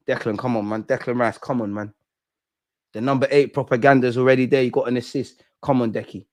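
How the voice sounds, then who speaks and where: A young man hosting a live football watch-along, reacting with slangy banter that swings from loud shouting to low muttering. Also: steady tone, a little fast. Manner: slangy banter, swears at the screen. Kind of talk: live match reaction commentary.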